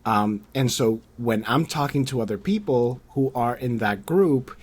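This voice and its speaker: A man's voice: medium pitch, measured pace, breathy edge. A man hosting a casual interview podcast, telling stories with energy and swearing candidly now and then. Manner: animated storyteller, acts out quoted people in a raised voice. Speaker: podcast host interviewing a creator.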